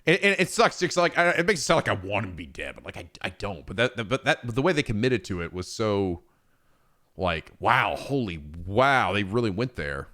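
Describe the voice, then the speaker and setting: Man, lowish voice, casual stream chat, rambling, filler-heavy, swears a lot. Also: sing-song, moderate pace, pushed and bright. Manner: rambling, profane, many fillers and restarts.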